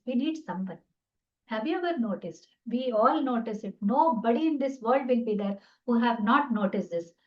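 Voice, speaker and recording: A woman gives an earnest spiritual talk as a teacher, asking many rhetorical questions. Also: on the high side. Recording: dull lo-fi sound.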